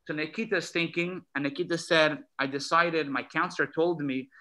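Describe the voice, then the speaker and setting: A man's voice: fairly high pitch, steady tone, a little fast, pushed and bright, low-quality recording. A man, a rabbi, telling a story at a gathering, acting out the dialogue with emphasis. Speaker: emissary rabbi. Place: synagogue gathering hall.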